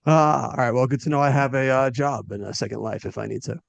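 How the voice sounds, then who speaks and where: A man's voice: medium pitch, fast talker, gravelly, no room sound. A man in his thirties co-hosting a movie podcast, making wry, dry jokes in casual chat. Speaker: podcast co-host.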